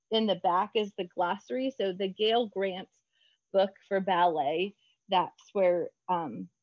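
A woman children's book author chatting in an interview, bubbly and quick to laugh. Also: medium pitch, dry recording, dull audio. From United States. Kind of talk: casual interview chat.

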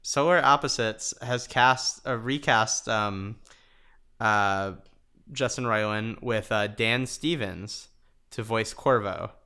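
A man co-hosting a podcast in casual chat, laughing often and filling pauses with ums. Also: on the low side, bright, forceful tone, clear, resonant tone. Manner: chatty, laughs often, many fillers. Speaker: podcast co-host.

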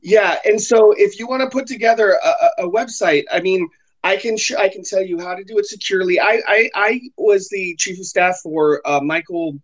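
A man hosting an online group call, talking casually in halting bursts with many repeated words, his voice worn after illness. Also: sits high, rough recording. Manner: halting, repeats words, offers help eagerly. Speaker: host. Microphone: computer mic on an online call.

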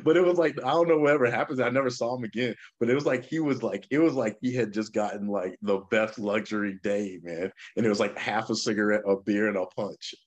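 Animated man telling a story. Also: on the low side, brisk, few pauses. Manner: animated storyteller, acts out quotes in a raised voice. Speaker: podcast co-host. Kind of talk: casual storytelling chat.

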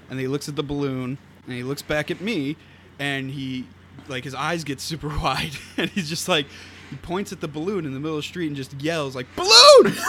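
Laughing man telling a story, noisy recording. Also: mid-range voice. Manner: animated storyteller, laughs often. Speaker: podcast guest. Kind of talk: casual podcast chat. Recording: noisy with clicks.

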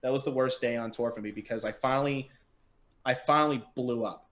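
A young adult man, a podcast guest, telling stories in casual chat over a remote call, animated and swearing freely. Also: mid-range voice, a little fast. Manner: animated, swears freely, acts out quoted people. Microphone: remote call mic.

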